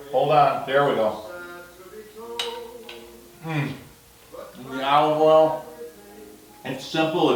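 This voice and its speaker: A man's voice: a little high, reverberant, far from the mic, rough recording. A man hosting a cooking show, chatty and enthusiastic as he talks viewers through a recipe. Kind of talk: casual cooking demonstration. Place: villa kitchen in Italy, outdoors breeze.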